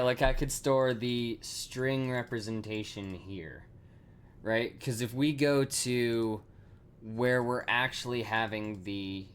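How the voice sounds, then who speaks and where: A man talks slowly through his code on a live stream, wandering through fillers and corrections as he goes. His voice sits at an ordinary middle pitch. Faint keyboard typing clicks behind him. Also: slight background noise. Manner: thinks aloud, rambling with fillers and self-corrections; swears casually and laughs at himself. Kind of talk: casual live coding stream talk.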